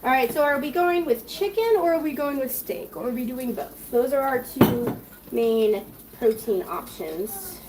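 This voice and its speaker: A woman's voice: high voice, expressive, a little slow, background noise. A woman hosting a casual cooking livestream from her home kitchen, a chatty, scattered mother reading viewer comments aloud as she cooks. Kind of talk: casual live-stream chat while cooking.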